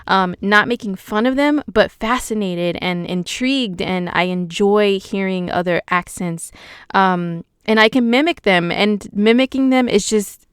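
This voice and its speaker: A playful, chatty woman with a West Coast American accent, hosting a loose horoscope talk full of slangy asides. Her voice is smooth and crisp. The sound is dry and close, with no room around it. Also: mid-range voice, measured pace, no room sound. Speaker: astrologer, channel host. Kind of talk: casual horoscope talk to viewers.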